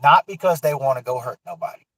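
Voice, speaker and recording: A man's voice: mid-range voice, quick pace, a bit bright, rough recording. A man telling a personal story in a loose, rambling way, swearing freely and stumbling through many fillers and restarts. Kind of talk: casual storytelling on a livestream.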